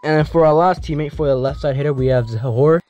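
Teenage guy, casual storytime, rambling and slangy, fairly high voice, mellow tone, faint music behind. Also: a little fast, lo-fi sound. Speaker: YouTuber telling a story. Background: faint background music.

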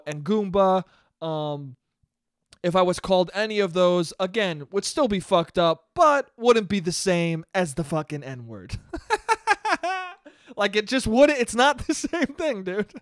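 A man talks loosely on his own podcast, breaking into laughter often and swearing freely. His voice sits high and swings widely in pitch. The sound is dry and close. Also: clean tone, dry recording. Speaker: podcast host. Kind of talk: casual solo podcast rant.

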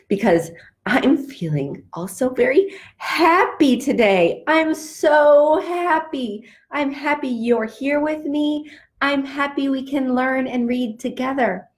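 A woman leading an online lesson for young children, animated and sing-song, acting out feelings with exaggerated sounds and singing simple songs. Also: high voice, slow. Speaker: children's language teacher. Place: home.

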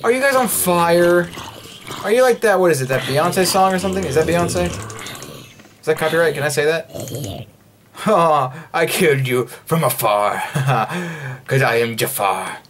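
A man's voice: fairly high pitch, lively intonation, measured pace, a bit bright, slight background noise. Man rambling jokily over gameplay. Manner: rambling, jokey self-talk; breaks into playful singing. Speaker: gaming video host. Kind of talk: casual let's-play commentary.

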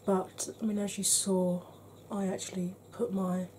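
A middle-aged woman reviews makeup to camera in a mellow, warm voice. She chats frankly with dry humour and sometimes drops to a soft half-whisper. Faint noise hums behind her. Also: mid-range voice, little pitch movement, measured pace. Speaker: beauty vlogger.

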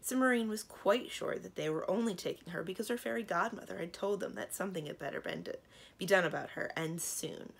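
A woman librarian reading a children's book aloud with expressive storytelling. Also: medium pitch, brisk, creaky, slightly rough.

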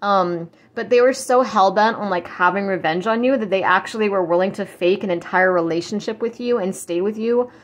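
A woman's voice: medium pitch, a little fast, few pauses. Rambling blunt woman tarot reader. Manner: rambling, blunt, swears, mocks in quoted voices. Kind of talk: casual spiritual channeling talk.

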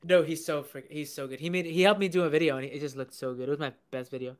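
A man's voice: a little high, fairly even intonation, fast talker. A young man from the Bronx with a New York accent, a podcast guest chatting in an upbeat, slangy, enthusiastic way. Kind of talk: casual chat.

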